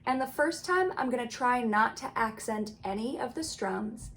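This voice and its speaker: A woman's voice: a little high, lively intonation, moderate pace, hardly any pauses, a bit bright, a little hiss or hum. A woman teaching ukulele in a casual, friendly tutorial, explaining rhythm and counting beats aloud. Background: ukulele strumming.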